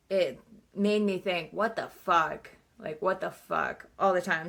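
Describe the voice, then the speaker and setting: Young woman, casual book vlogger, gravelly fry, chatty and rambling, curses often. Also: on the low side. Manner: rambling, swears freely, says "like" a lot. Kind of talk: casual book review chat.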